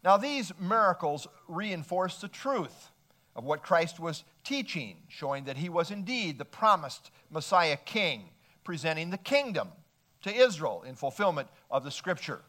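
A man preaching a measured expository sermon, working through scripture passages and citing verses as he goes. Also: on the high side, very animated, bright, forceful tone. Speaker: pastor.

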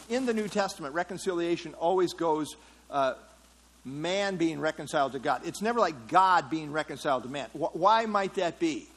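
Man teaching a Bible class, higher voice. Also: fairly bright tone, low-quality recording. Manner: conversational, asks the class questions, frequent fillers. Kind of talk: interactive Bible study teaching.

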